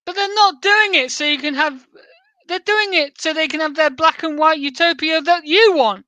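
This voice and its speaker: A man's voice: very high-pitched, normal speed, pushed and bright, no room sound, poor audio. A man co-hosting a podcast in casual chat, sardonic and often trailing off mid-sentence. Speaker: podcast co-host.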